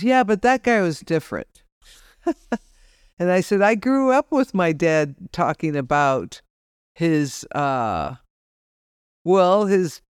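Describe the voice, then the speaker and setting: A woman's voice: low voice, a little mellow, clean tone, dry recording, studio quality. A woman guest on a podcast telling a story about her son, acting out the dialogue in her own voice. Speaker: guest, bereaved mother. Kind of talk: podcast conversation.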